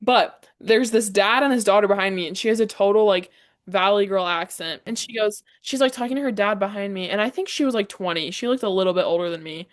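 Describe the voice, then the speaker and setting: A young woman co-hosting a casual podcast. She talks fast and rambles from one story to the next, at a mid-range pitch. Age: young adult. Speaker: podcast co-host. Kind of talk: casual chat.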